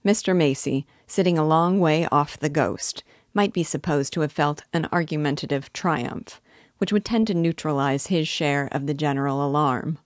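A woman teacher reading a classic novel aloud in measured narration. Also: low-pitched, no echo, studio quality. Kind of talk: audiobook narration.

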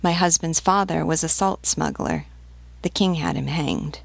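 A woman's voice: deep voice, unhurried, vocal fry, no room sound, heavily acted. A woman voicing a frightened peasant mother who gives short, hesitant answers. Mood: fearful.

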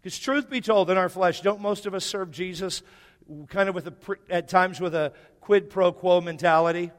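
Brief: male pastor, slightly high voice, preaches with repetition and questions to the room, reverberant church hall. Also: normal speed. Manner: repeats key phrases, asks the congregation questions. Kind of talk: sermon. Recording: echoey hall.

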